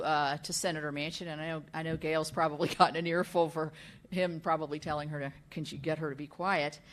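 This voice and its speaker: A woman's voice: low-pitched, a bit bright. An older woman, a senator, giving a speech at a business summit, telling stories in a folksy way with many fillers and restarts.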